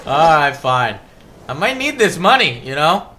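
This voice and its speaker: An excitable male gaming host talks through gameplay in a high, very bright voice. He curses freely and breaks into loud shouts, and his pitch leaps all over the place. A faint hiss sits under his voice. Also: slow, pauses often. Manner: excitable, profane, bursts into shouting. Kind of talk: casual gameplay commentary.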